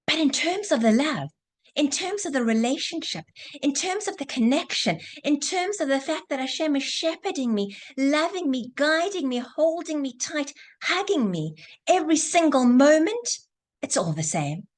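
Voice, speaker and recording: Woman teaching an online class over video call, kinda high voice, earnest, repeats phrases for effect. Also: expressive, moderate pace. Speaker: Torah teacher.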